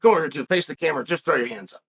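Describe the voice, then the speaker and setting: A man's voice: on the high side, expressive, rapid-fire, fairly bright tone, husky. A man hosting a fight-sports commentary show, telling stories in a rambling, emphatic way and breaking off to direct his son off camera. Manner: emphatic, repeats phrases for effect. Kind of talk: casual commentary and storytelling.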